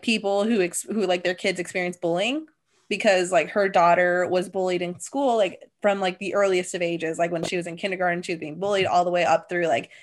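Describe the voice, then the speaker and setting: A young adult woman co-hosting a podcast, telling stories in casual chat and saying "like" a lot. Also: fairly low pitch. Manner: chatty storyteller, heavy use of "like". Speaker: podcast co-host.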